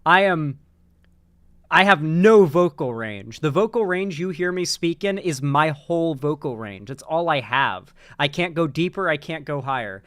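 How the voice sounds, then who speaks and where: A man's voice: fairly high pitch, lively intonation, a little slow, fairly bright tone, clear, resonant tone, no room sound. A man hosting a casual online commentary show, rambling loosely with lots of restarts and casual swearing. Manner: rambling, many restarts and fillers, swears freely. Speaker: political commentary host.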